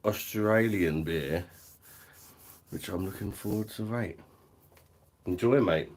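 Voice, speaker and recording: A middle-aged man with a fairly low pitch and darkish tone talks at a slow pace while hosting a beer review live stream at home. Casual and profane, he laughs often and reads out viewers' chat.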